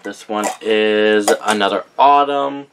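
The recording is very noisy, and the young man speaks slowly in a lowish voice. He's a vlogger displaying his candles, casually rambling as he reads a list of names and often corrects himself.

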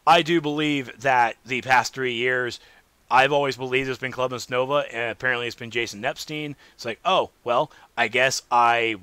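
Bright-voiced man hosting a gaming podcast. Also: mid-range voice, clear, resonant tone, no echo. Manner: rambling, animated, swings between loud and muttered asides. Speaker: podcast host. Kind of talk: casual solo gaming podcast.

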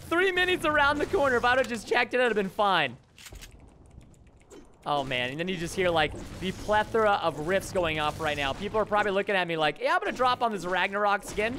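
There's a slight hiss or hum behind this young man's high, pushed, bright voice. He's a gaming YouTuber giving casual commentary on a video game, grumbling in jest and cracking jokes to his audience.

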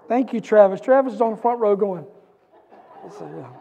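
A man preaching a sermon as pastor, with a repetitive, building cadence that rises to shouts. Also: high-pitched, lively intonation, normal speed, vocal fry, long pauses. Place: church sanctuary. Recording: church hall reverb.

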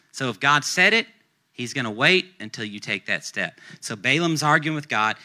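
Man, pastor, sermon, conversational storytelling, very bright tone. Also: medium pitch. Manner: animated storytelling, acts out characters' lines; conversational, uses casual slang.

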